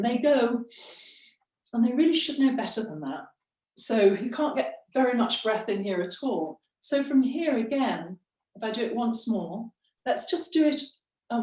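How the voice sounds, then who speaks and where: A woman's voice: fairly high pitch, a little mellow. A middle-aged woman voice coach leading a breathing workshop, demonstrating and encouraging the audience through exercises. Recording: roomy sound, off-mic.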